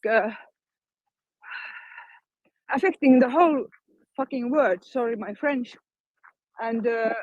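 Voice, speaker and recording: Slow, halting woman on muffled call audio. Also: on the high side, darkish tone, no room sound. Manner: halting, many fillers and restarts. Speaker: Twitter Space speaker. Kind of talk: emotional spontaneous speech. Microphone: online audio room.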